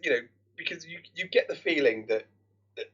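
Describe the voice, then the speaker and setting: A man's voice: fairly high pitch, expressive, fairly bright tone, slightly rough. A man co-hosting a podcast, chatting casually about a film and eagerly acting out its lines. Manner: eager, quick, quotes lines with swearing. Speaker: podcast co-host. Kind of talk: casual film review chat. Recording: dull lo-fi mic.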